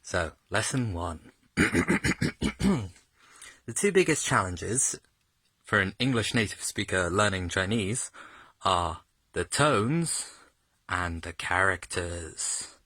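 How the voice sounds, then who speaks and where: A man talks through a casual video lesson at a slow, easy pace. His voice sits low yet sounds bright and crisp, and the recording is dry and close. He jokes along the way and swings his pitch hard when he demonstrates the tones. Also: sing-song, no echo. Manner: chatty and jokey, exaggerates tones when demonstrating. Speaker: self-taught language learner sharing lessons.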